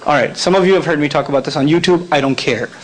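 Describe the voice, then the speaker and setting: A man with a notably high voice lectures a convention audience. He keeps it conversational and jokey, firing questions at the crowd as he goes. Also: fast talker, low-quality recording. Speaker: convention speaker.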